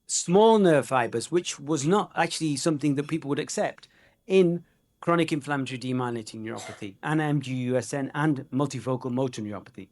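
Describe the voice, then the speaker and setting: A man's voice: medium pitch, fairly quick, darkish tone. Chatty man giving a medical talk. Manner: conversational, joking, many fillers. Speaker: conference speaker. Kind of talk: medical conference lecture.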